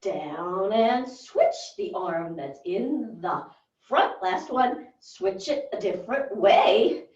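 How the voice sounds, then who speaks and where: A woman's voice: mid-range voice, very animated, slow, darkish tone. A woman leading a workout class, giving short, encouraging movement cues and counts. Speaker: fitness instructor. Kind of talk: guided workout cueing. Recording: roomy, distant and dull.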